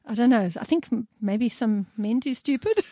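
A woman with a fairly high voice chats casually, leaning on emphatic repetition and laughing often. The sound is dry and close, with no room echo. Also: animated, moderate pace, dark tone. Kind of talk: casual chat.

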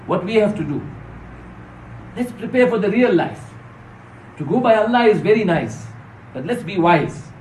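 A man's voice: sits high, expressive, normal speed, pauses often, darkish tone, recorded from a distance. A man giving a Friday sermon as mufti, telling stories earnestly and addressing the congregation directly. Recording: echoey hall, voice off-mic, faint noise.

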